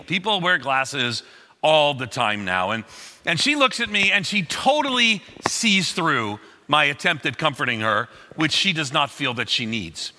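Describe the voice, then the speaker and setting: A middle-aged man preaching in a large hall, his voice bright and cutting with a high, lively pitch. He tells stories with animated, acted-out quotes, and a long reverb trails behind each phrase. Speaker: pastor. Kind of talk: sermon.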